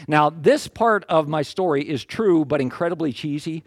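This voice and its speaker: An older man preaching in a folksy, self-deprecating way, spinning a personal story with animated energy. His voice sits a bit high. The sound is dry and close. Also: brisk, hardly any pauses, dry recording. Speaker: pastor. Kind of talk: storytelling sermon.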